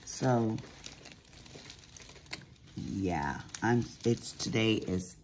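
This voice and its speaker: A woman's voice: very deep voice, lively intonation, extremely slow, darkish tone, a little hiss or hum. A middle-aged woman chatting casually while crafting at home, telling sassy stories with big swings in her voice. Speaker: crafting vlogger.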